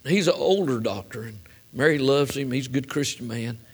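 A man's voice: medium pitch, lively intonation, moderate pace, slightly rough. A middle-aged man preaching a sermon, telling a personal story in a folksy way that builds to fervent emphasis.

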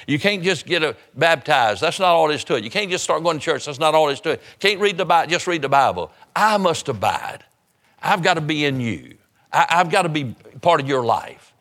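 A man's voice: fairly high pitch, expressive, brisk, a bit bright. A man preaching an evangelistic sermon, urgent and fervent, hammering home repeated phrases.

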